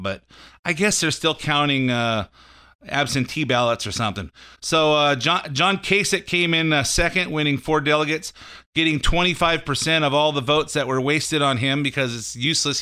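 A man's voice: mid-range voice, pushed and bright, clear, resonant tone. A man hosting a call-in radio show, talking off the cuff about politics in a rambling way, full of fillers and restarts. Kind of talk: casual political commentary.

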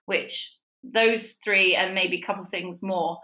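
A woman chats casually and tells stories, throwing her voice up high when quoting people. Her tone is bright and forward. The room adds a noticeable echo. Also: takes it slowly. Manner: animated, acts out quotes with big pitch jumps. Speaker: podcast guest giving a relationship tip. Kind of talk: casual storytelling chat.

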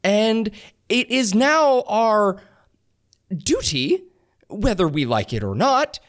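A man's voice: high voice, big pitch swings, slow pace. A man playing a tabletop role-playing game, answering in character in a flustered, stammering way that breaks into laughter. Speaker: player.

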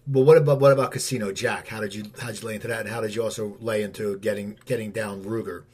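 Husky man asking long interview questions. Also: on the low side, fairly even intonation, quick pace, a little mellow.

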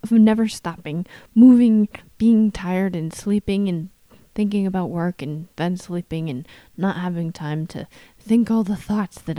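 A woman hosts her solo podcast in a hoarse, scratchy voice with a mellow, darkish tone. She sounds worn out, wry and self-deprecating, slipping little laughs between her phrases. The sound is dry and close, with no room around it. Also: mid-range voice, no echo. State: hoarse from shouting. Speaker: podcast host. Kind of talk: casual solo podcast monologue.

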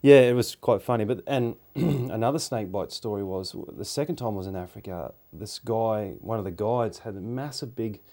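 Man, very low pitch, casual storytelling, easygoing, rambling. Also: normal speed, hardly any pauses, dark tone.

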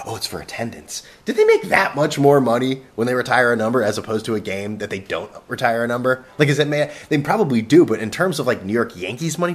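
A man's voice: mid-range voice, slightly rough. A man hosting a casual solo podcast, rambling sarcastically with plenty of swearing and jokey asides to an absent co-host. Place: vacation rental with no internet.

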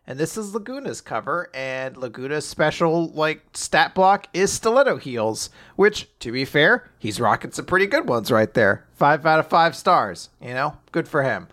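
His fairly high, bright voice swings widely in pitch as this male podcast co-host recaps a manga chapter at a moderate pace, barely pausing. It's casual and full of laughter, with jokes and lines acted out.

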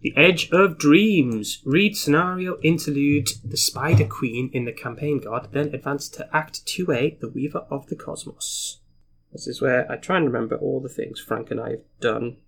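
A man's voice: mid-range voice, moderate pace, gravelly, fairly bright tone, a little hiss or hum. A man playing a card game solo, reading story text aloud and talking through his moves. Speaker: solo board game player. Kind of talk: casual playthrough with read-aloud story text.

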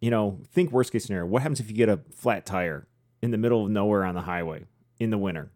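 A man co-hosts a podcast, talking fast in a lowish, slightly mellow voice. His casual chat wanders, and he laughs often along the way.

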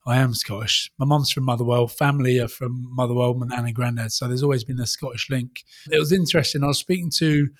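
Thirties guy chatting loose, bit of swearing, mid pitch. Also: fairly even intonation, fast talker, few pauses, no room sound, studio quality. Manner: chatty, banter-filled, swears casually. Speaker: rugby player guest. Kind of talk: casual conversation.

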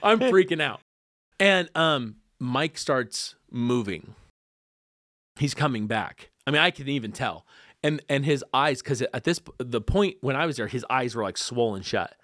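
A man speaking as a podcast guest, telling a personal story in an animated way, laughing often and acting out what people said. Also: medium pitch, measured pace, no room sound, clean studio sound. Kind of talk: conversational storytelling.

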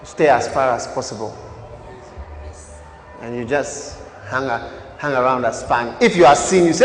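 A man preaching a sermon, swinging from loud declarations to hushed asides and pressing the congregation with questions. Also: high voice, expressive, brisk, faint music behind. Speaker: pastor. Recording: echoey church hall.

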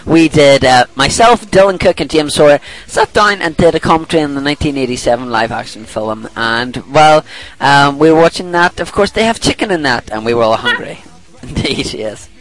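A man's voice: a little high, lively intonation, brisk, few pauses, a bit bright, dry recording, poor audio. A middle-aged man hosting a podcast in casual chat, reading a listener's email aloud and laughing often as he rambles and corrects himself. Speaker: podcast host.

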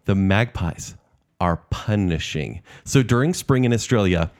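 Southern guy on a podcast, lowish voice, tells stories all excited. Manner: animated storyteller, quick asides. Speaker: podcast co-host. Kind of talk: casual chat.

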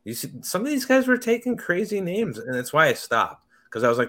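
A man's voice: high-pitched, sing-song, brisk, sharp tone. A man co-hosting a podcast in casual chat, telling things loosely with stammering restarts. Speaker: podcast co-host.

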